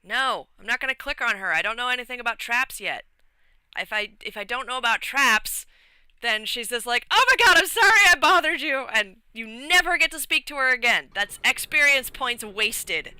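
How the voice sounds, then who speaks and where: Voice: medium pitch, moderate pace, pushed and bright, smooth, dry recording, rough recording. A streamer giving live let's-play commentary, often exasperated, swearing and talking back to the game.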